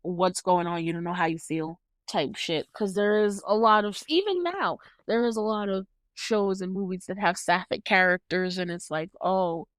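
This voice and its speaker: A woman's voice: lowish voice, no echo. A young woman casually recapping a movie on her show, acting out the scenes with lots of laughs and some swearing. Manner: animated retelling, acts out scenes, laughs often; swears freely. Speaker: host reviewing a movie. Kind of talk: casual solo commentary.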